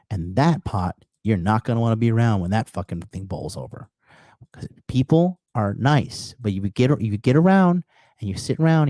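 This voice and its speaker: A man's voice: medium pitch, mellow, no echo, studio quality. A man hosting a call-in show, delivering a blunt, profane, heated rant. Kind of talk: casual ranting monologue.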